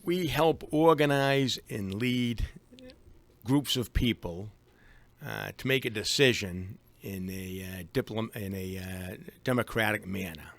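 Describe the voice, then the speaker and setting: A man with a Boston accent, a guest on a live radio interview, speaking haltingly with many fillers and restarts. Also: fairly low pitch, creaky, a bit bright. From Boston, USA. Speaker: guest, attorney.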